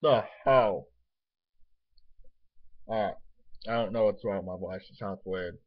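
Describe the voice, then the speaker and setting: A man's voice: deep voice, fairly even intonation, a little fast. A young man rambling casually in a home vlog, swearing freely while getting over a nosebleed. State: recovering from a nosebleed, tastes blood. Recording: dull lo-fi webcam recording.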